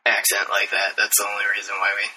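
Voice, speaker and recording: A man's voice: on the low side, monotone, quick pace, sharp tone. A man co-hosting a casual podcast, joking and laughing often, with rambling restarts. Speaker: podcast co-host. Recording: distant mic, faint noise.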